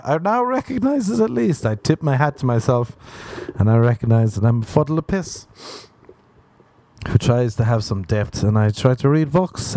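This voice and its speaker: A man's voice: mid-range voice, dark tone, a little hiss or hum. A young man hosting a solo podcast, rambling crudely and mocking himself, often laughing at his own jokes. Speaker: podcast host. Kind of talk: solo comedic podcast rant.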